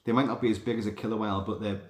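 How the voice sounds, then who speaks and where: Sweary rambling guy, lowish voice, echoey room. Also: very fast. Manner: rambling, sweary, animated storytelling. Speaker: podcast host. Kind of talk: casual monologue. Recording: roomy echo.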